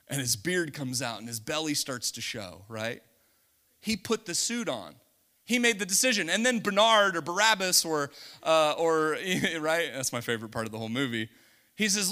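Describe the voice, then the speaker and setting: Bright, lively-voiced male preacher. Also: on the high side, normal speed. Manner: animated, laughing often, acts out scenes. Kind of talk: sermon.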